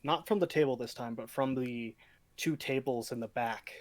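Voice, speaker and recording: A man narrating as game master of a tabletop game, with a dramatic delivery and sudden shifts in pace and loudness. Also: mid-range voice, normal speed.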